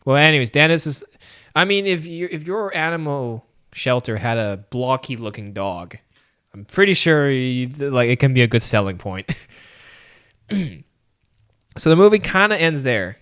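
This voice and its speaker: A man co-hosting a podcast, casually reviewing a film, retelling scenes with lively acted-out lines and frequent laughs. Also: mid-range voice, moderate pace, clear, resonant tone. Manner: animated retelling, acting out lines, laughs often. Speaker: podcast co-host. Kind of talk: casual movie review chat.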